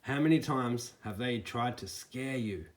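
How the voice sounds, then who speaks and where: A man's voice: mid-range voice, a little slow, a little hiss or hum. A man with an indignant, mocking manner, giving critical commentary to camera and picking apart a news report. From Australia. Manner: indignant, with mocking quoted soundbites. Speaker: snake catcher giving commentary.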